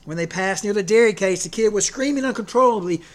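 High-voiced preacher man. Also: fast. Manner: folksy, joking, many restarts and fillers. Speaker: pastor. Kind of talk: sermon.

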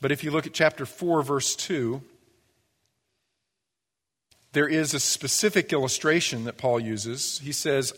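A man preaching a sermon in a casual, humorous way, sometimes muttering low in a mock grumble. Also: normal speed, hardly any pauses, fairly bright tone. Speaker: pastor. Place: church. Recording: long reverb of a church hall.

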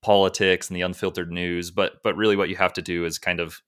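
A man's voice: sits low, little pitch movement, fast talker, fairly bright tone, clear, resonant tone. A man hosting a podcast interview, friendly and rambling, often trailing off. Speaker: podcast host. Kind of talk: casual interview conversation.

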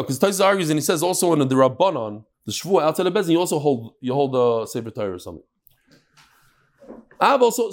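A man teaching a daily Talmud class, mixing Hebrew and Aramaic terms into lively English explanations. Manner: animated, jumping pitch and pace.

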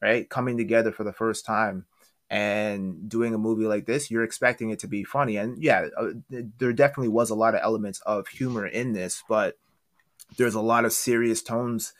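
A man on a casual movie podcast, speaking in a thoughtful, measured way. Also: fairly low pitch, fairly even intonation, no room sound, studio quality. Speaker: podcast co-host.

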